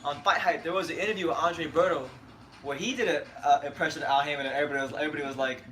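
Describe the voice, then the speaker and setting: A young man co-hosting a boxing reaction stream, chatting in a quick, joking and animated way. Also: a little high, a little hiss or hum. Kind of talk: casual live-stream chat.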